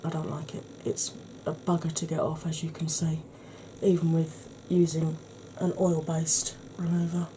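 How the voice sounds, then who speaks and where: Brief: woman, soft ASMR tutor, husky, mellow low voice, faint hiss. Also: little pitch movement, moderate pace, few pauses. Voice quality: slightly husky. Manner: chatty, explanatory, soft-spoken. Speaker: makeup tutorial host.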